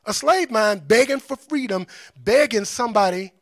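Man, high-pitched, gravelly, dry close sound, impassioned talk, rhetorical questions, blunt. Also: expressive, moderate pace, no room sound. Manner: emphatic, rhetorical questions, preacherly cadence; blunt and scornful. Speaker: speaker on liberation.

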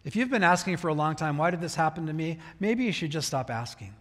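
Pastor, male, higher voice, casual preaching style with restarts, recorded in a long-reverb church hall. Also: lively intonation, fast. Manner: conversational preaching with restarts, acting out prayers. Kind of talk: sermon. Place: church sanctuary.

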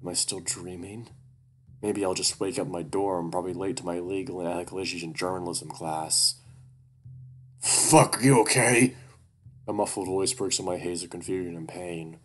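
A man reading a first-person horror story aloud at a steady, even pace. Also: low-pitched, fairly quick, slight background noise. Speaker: audiobook narrator.

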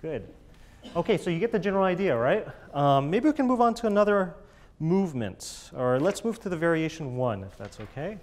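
A man's voice: on the high side, very animated, a little fast, darkish tone. A man coaching a chamber group in a master class, encouraging and jokey, singing musical phrases to show the players how they should sound.

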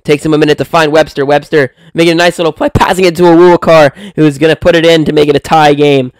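A young man giving excited, profane play-by-play commentary on a basketball video game he is playing, swinging from calm calling to loud outbursts. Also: a little high, fast talker, clean tone, no room sound. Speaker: gaming video creator.

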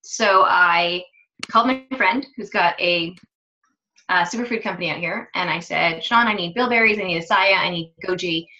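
Woman coach rambling thru a story, bright edgy voice, kinda low, dull lo-fi audio. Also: moderate pace. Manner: chatty, rambling, corrects herself mid-sentence. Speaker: fitness coach. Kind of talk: casual storytelling monologue. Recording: dull lo-fi sound.

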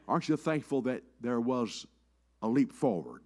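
Brief: older bishop in a church pulpit, folksy and lively, pitch rising and falling a lot. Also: male voice, moderate pace. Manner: folksy storytelling, repeats words, lively rises and drops. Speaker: bishop preaching. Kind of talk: sermon. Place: church sanctuary.

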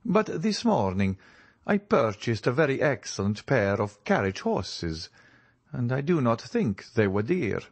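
A man reading an audiobook and voicing a suave, ironic nobleman count with a smooth, measured, faintly mocking delivery. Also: medium pitch, big pitch swings, no echo. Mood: courteous.

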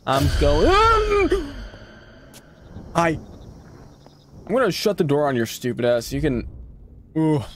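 A man's voice: a little high, expressive, moderate pace, pauses often, slight background noise. A man streaming a horror game, reacting to scares, swearing at the game and talking back to what he sees on screen. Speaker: gaming streamer. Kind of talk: horror game let's play commentary.

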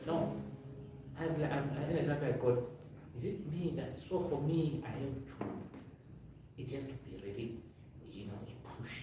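A man asking earnest, halting questions, often repeating himself, recorded from a distance with loud music behind him. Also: mid-range voice, expressive, background noise. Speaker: interviewer. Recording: echoey room from far off, loud music behind.

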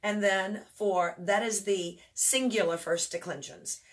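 A woman's voice: mid-range voice, steady tone, a little slow. A chatty woman talks parents through a homeschool review, often correcting herself as she goes. She chants and sings the words while explaining the hand motions, dropping in a mild faith phrase now and then. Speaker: homeschool teacher reviewing memory work. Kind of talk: casual instructional walkthrough.

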